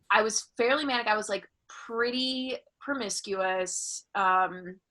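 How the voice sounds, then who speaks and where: Bright-voiced woman telling wild stories. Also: on the high side, expressive, takes it slowly. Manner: candid, profane, bursts of laughter. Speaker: comedian guest. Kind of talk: casual storytelling chat.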